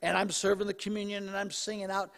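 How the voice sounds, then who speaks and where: A male pastor preaching a sermon in a conversational, animated way, his voice slightly hoarse. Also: high voice, quick pace, in a large hall. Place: church sanctuary.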